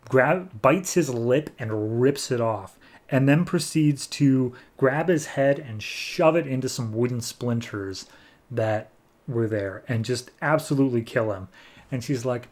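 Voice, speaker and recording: A man's voice: mid-range voice, a little slow, a little mellow. A man hosting a podcast, retelling a comic issue in a casual, rambling way with many fillers. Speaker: podcast host. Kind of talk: casual comic book recap.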